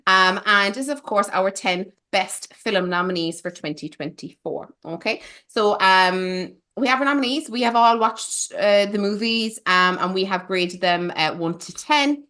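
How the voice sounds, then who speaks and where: A woman's voice: mid-range voice, a little slow, hardly any pauses, bright, forceful tone. A woman hosting a casual film podcast, playful and teasing, with theatrical asides. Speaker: podcast host.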